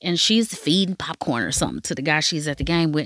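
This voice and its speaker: A woman's voice: mid-range voice, expressive, a little fast, few pauses, fairly bright tone, no echo. A woman hosting a podcast, giving a casual, profane recap of a drama with playful asides to listeners. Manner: frank, profane, chatty storytelling. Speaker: podcast host.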